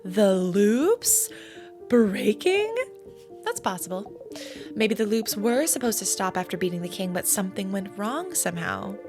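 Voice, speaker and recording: Casting: woman voicing a sly, gentle guide who asks soft probing questions, mid-pitched, over game music. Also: big pitch swings, brisk, natural voice. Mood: thoughtful.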